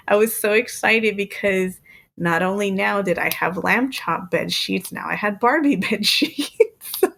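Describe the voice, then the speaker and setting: A woman in her thirties chats casually on a podcast. Her voice sits at an ordinary middle pitch. She talks freely and often breaks into light laughter as she tells her stories. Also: slow, creaky, a bit bright. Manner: chatty, laughs often while recounting. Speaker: podcast co-host. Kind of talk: casual chat.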